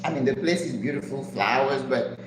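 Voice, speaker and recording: An older woman hosting a live stream, telling a story in an animated way and acting out the voices of people in it. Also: a little fast. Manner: animated, acts out voices with big pitch jumps. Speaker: channel host. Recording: echoey room with background noise.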